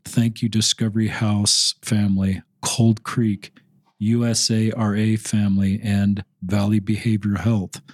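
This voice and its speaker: A middle-aged man hosting a podcast interview, speaking slowly and earnestly as he reads a friend's post aloud. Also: fairly low pitch, no echo. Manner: slow, earnest, moved to emotion while reading. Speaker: podcast host.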